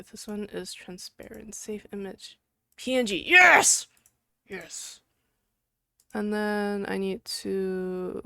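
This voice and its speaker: A woman streaming live, chatting casually with viewers, giggling and breaking into loud outbursts, then muttering to herself while she clicks around. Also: medium pitch, vocal fry, no room sound.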